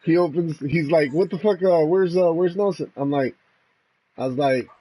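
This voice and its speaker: A man's voice: a little high, moderate pace, dark tone, poor audio. A laid-back man chatting on a livestream while fishing outdoors, laughing and swearing casually as he tells stories and greets viewers. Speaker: streamer.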